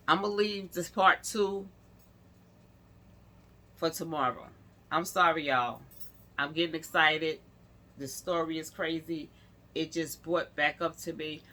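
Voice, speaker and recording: A woman's voice: low-pitched, bright, forceful tone. A woman telling a story in a casual storytime vlog, talking straight to her viewers and rambling as she goes. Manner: chatty, speaks to viewers directly; rambling, full of restarts.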